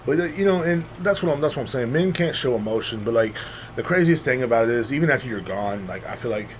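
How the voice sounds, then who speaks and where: A man's voice: mid-range voice, animated, fast, slight background noise. A man in his thirties talking candidly in a rambling casual monologue as a podcast host, with many restarts, growing emphatic when he insists.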